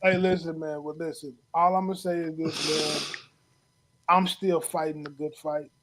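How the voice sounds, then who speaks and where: Loud, laughing man show host. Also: a little high, level tone, moderate pace, a crowd in the background. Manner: loud, laughing, folksy advice. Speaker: host and coach. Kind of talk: casual show banter.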